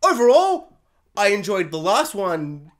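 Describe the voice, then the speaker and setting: A young man reviewing a series in a casual, jokey rant, acting out quotes in high, excited voices. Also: measured pace.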